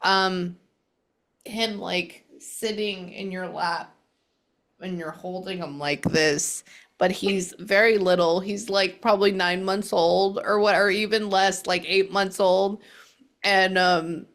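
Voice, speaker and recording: A woman psychic medium in a spirit reading session with a client, speaking in an earnest, reassuring way, with frequent halting pauses and asides as she relays messages. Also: medium pitch, fairly even intonation, a bit bright.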